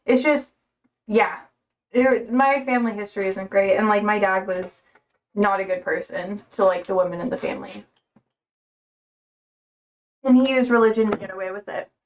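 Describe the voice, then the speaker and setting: A woman's voice: mid-range voice, normal speed, long pauses, recorded from a distance. A young woman livestreaming, chatting casually with viewers, rambling with lots of fillers and frequent laughter.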